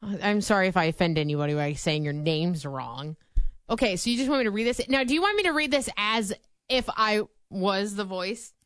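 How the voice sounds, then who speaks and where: A woman's voice: medium pitch, expressive, fairly quick, a bit bright, clean tone. A woman co-hosting a radio show, chatting casually, giggly and self-conscious. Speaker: radio co-host.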